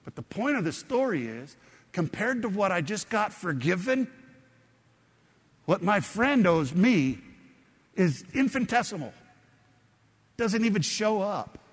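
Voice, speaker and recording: A man's voice: high voice, very animated, unhurried, long pauses, husky, long reverb tail. A man preaching a sermon, explaining a scripture story in a conversational way and putting questions to his congregation. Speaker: pastor.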